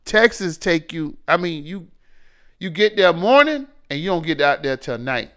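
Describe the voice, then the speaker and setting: Man in his forties, casual podcast chat, lively up-and-down voice, fairly high, animated storytelling. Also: normal speed. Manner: animated storyteller, swings between loud and quiet. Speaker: podcast co-host.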